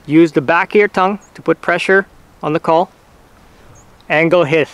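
Casual male host, a bit high-pitched, clean smooth tone, patient step-by-step explainer. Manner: relaxed, patient, talks in short halting phrases with fillers. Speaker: hunting channel host teaching turkey calls. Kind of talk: casual how-to instruction.

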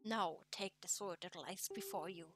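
A woman with a German accent reading aloud the lines of a wise old king who is a talking boat, in a plain, measured way. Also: on the low side, music in the background, lightly acted. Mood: solemn. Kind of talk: reading game dialogue aloud.

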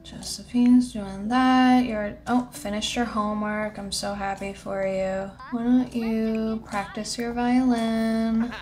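A woman's voice: on the high side, level tone, slow, hardly any pauses, a little mellow. A young woman giving casual commentary on her life-simulation game, chatting and bossing her characters around. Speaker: gaming channel host.

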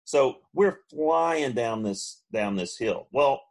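A man, co-hosting a podcast and telling a long funny story, now and then mimicking friends in high voices. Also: lively intonation, slow pace. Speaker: podcast co-host. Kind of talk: casual storytelling.

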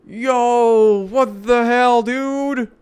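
A man hosting a gaming video and reacting with loud, excited, shocked outbursts. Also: very high-pitched, very slow, clear, resonant tone. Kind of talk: playing a game and reacting.

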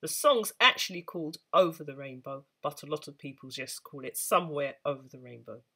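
A woman's voice: deep voice, animated, fairly quick, pushed and bright, husky. A woman teaching beginners the saxophone, patient and encouraging as she explains step by step. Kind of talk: instructional talk to camera.

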